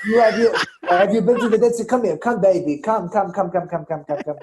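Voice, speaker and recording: A man's voice: high-pitched, fairly quick, noisy background, natural voice. A man voicing a pushy male mall kiosk salesman, coaxing passersby in a wheedling patter.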